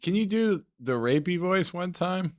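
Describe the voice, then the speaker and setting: A man's voice: high voice, expressive, unhurried, no room sound, studio quality. A man hosting a crude comedy podcast, bantering casually, laughing often and acting out quotes. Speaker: podcast host.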